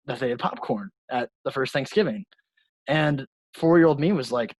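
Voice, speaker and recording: A young man co-hosts a casual podcast, talking with a slightly husky, breathy voice. He laughs often and swears freely as he tells stories. The sound is dry and close, with no room around it. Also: mid-range voice, moderate pace, dry recording, rough recording. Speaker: podcast co-host. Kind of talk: casual chat.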